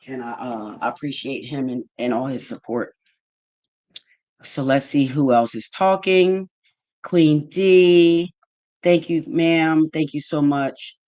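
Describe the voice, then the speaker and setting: A woman's voice: low-pitched, fairly even intonation, takes it slowly, mellow. A woman hosting a casual livestream, thanking her chat viewers one by one in an effusive way. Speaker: livestream host.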